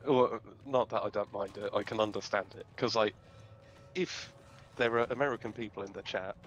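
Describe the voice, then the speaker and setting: Low male co-host, relaxed gaming chat, reads comments aloud. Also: moderate pace, a little hiss or hum. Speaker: let's play co-host.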